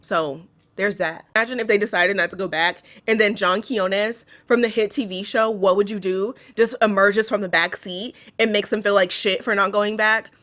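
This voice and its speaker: A woman's voice: mid-range voice, fairly even intonation, normal speed, a bit bright. A young woman recapping a horror movie in a casual, sarcastic way, swearing freely and talking straight to her viewers.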